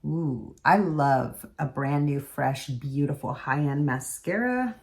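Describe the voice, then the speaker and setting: A woman's voice: low voice, lively intonation, slow pace, darkish tone, slight background noise. A woman beauty vlogger chatting casually as she does her makeup in a tutorial. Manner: chatty, talks while doing makeup.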